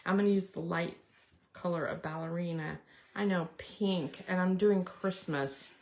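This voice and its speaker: A woman's voice: lowish voice, a little slow, darkish tone, a little hiss or hum. A middle-aged woman hosting a casual card-making tutorial, chatting and explaining step by step as she works with her hands.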